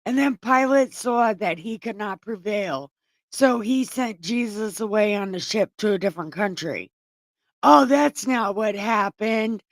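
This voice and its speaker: A woman's voice: mid-range voice, expressive, a little slow, no room sound. A woman reading scripture aloud and breaking off into irreverent, profane, sarcastic commentary. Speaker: online Bible reader and commentator.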